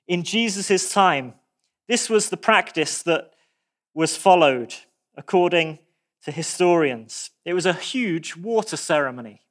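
High-voiced man preaching a sermon. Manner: expressive, dramatic pauses and animated asides.

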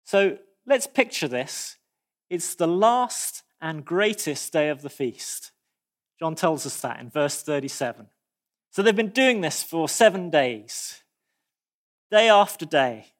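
A man preaching a sermon, expressive, with dramatic pauses and animated asides. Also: on the high side.

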